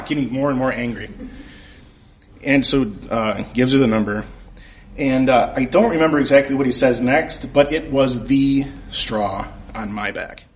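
A man's voice: mid-range voice, normal speed. A man telling a comic, self-mocking story on stage at a convention, laughing at his own jokes. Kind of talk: live comedic storytelling. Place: convention stage before a live audience.

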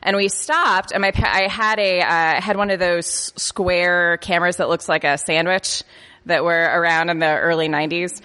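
A woman's voice: fairly low pitch, fairly even intonation, moderate pace, bright, forceful tone, smooth, in a large hall. A woman telling a funny personal story on stage at a live comedy show, stumbling over her words and laughing between phrases.

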